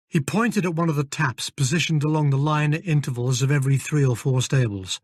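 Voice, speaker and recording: Male audiobook narrator, measured first-person telling, fairly high voice, dry booth sound. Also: darkish tone, dry recording. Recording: dry close studio recording.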